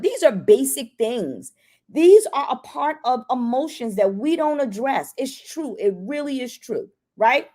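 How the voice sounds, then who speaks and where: A woman's voice: medium pitch, a little mellow. A woman giving a casual motivational talk on self-care to caretakers. She is chatty and emphatic, asks rhetorical questions and repeats words for emphasis.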